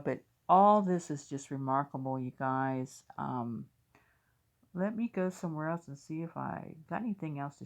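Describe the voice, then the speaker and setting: An American woman hosts a faith video channel, chatting casually and speaking straight to her audience as she reads out viewers' dreams. Her voice is lowish and a little mellow.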